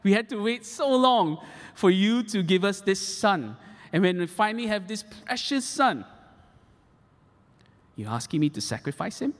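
A man's voice: high-pitched, very animated, a little slow, voice pushed up. A man playing a pleading old patriarch, slightly raised voice, echoey hall.

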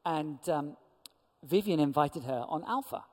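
A man's voice: on the high side, a little slow, in a large hall. A man telling a testimony story in a church talk, animatedly acting out what people said. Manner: lively storyteller who acts out quoted voices. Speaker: church speaker.

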